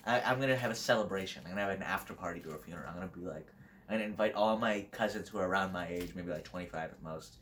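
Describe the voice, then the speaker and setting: A man's voice: deep voice, racing, hardly any pauses, fairly bright tone, a little hiss or hum. A young man hosting a podcast, talking in a blunt, rambling, crude and flippant way, laughing often. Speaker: podcast host. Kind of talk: casual solo podcast monologue.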